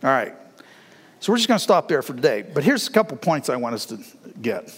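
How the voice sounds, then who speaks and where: A middle-aged man preaching a sermon in a folksy, animated way, with laughs between his lines. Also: medium pitch, a little fast, slightly rough, in a large hall. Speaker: pastor.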